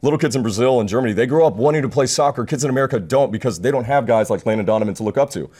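Fast-talking man ranting about sports. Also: medium pitch, a little mellow, husky. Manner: fast, fired-up, self-deprecating. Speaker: podcast co-host. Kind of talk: casual sports chat, ranting.

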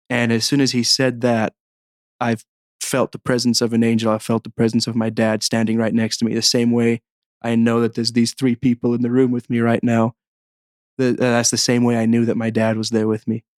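Earnest young man, flat steady voice. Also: mid-range voice, clean tone, no echo, clean studio sound. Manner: earnest, halting, many restarts. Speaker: guest. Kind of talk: personal testimony storytelling.

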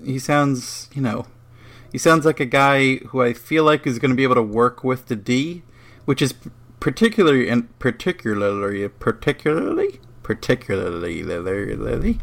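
A man's voice: mid-range voice, steady tone, moderate pace, fairly bright tone. A man co-hosting a casual sports podcast, laughing at himself and stumbling over words. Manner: laughing, self-mocking, stumbles over a word. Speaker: podcast co-host.

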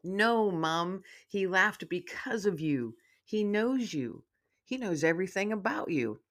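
A woman voicing an excited young male dog spirit, eager and sweet, in a spoken storybook. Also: mid-range voice, measured pace, voice pushed up. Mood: playful.

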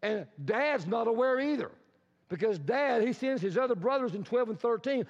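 High-voiced pastor in an echoing sanctuary. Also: male voice, expressive, brisk. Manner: conversational, dramatic storytelling with rhetorical questions. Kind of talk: sermon. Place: church sanctuary. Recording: reverberant hall, dull lo-fi sound.

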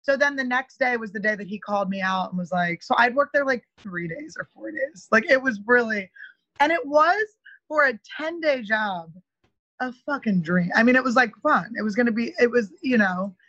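A woman comedian chatting as a podcast guest, telling a long story in an animated way with lots of "like". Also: a little high, moderate pace, dry recording, lo-fi sound. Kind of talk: casual podcast chat.

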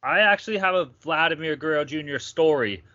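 A man's voice: a little high, fast, pushed and bright, no room sound. A young man co-hosting a sports betting podcast, chatting casually with rowdy, profane banter. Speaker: podcast co-host. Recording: dull lo-fi sound, dry.

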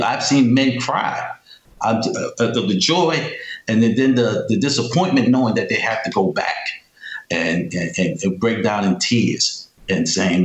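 A man's voice: lowish voice, animated, normal speed. Guy telling stories on an interview, emphatic, keeps repeating himself, echoey room. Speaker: guest. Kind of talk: casual interview talk.

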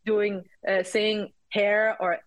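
A woman's voice: mid-range voice, flat delivery, takes it slowly, no echo. A young woman whose first language is French, a podcast guest talking casually and hesitantly, full of "like" and "um". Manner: hesitant, many fillers and restarts. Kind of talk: casual chat.

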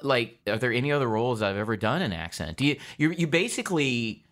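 A man being interviewed as an actor guest, telling stories in a lively way with frequent laughs and quick restarts. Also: medium pitch. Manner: animated storytelling, laughs often, quick restarts. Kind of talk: casual interview chat.

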